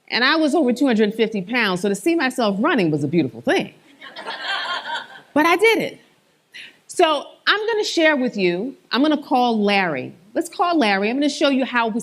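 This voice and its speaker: A woman giving a motivational conference presentation on stage, with emphatic, animated inflection. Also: fairly high pitch. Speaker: conference speaker.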